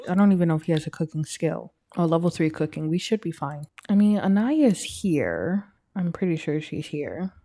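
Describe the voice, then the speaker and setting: A young woman casually narrating her life-simulation game, chatting and putting quick voices on the characters. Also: on the low side, warm tone. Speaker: let's play gamer. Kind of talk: casual gameplay commentary.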